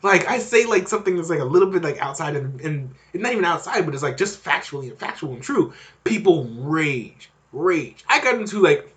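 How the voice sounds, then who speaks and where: Young male podcast host, rambling off-the-cuff monologue, animated and a bit high-voiced. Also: fast, few pauses. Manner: rambling, frequent fillers and restarts, laughs while talking. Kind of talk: casual monologue.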